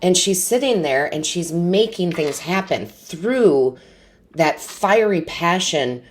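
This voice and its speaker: A woman's voice: fairly low pitch, animated, slow. A woman giving an intuitive tarot reading to camera, earnest and encouraging, often asking rhetorical questions. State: tearful, emotionally overwhelmed. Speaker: tarot reader.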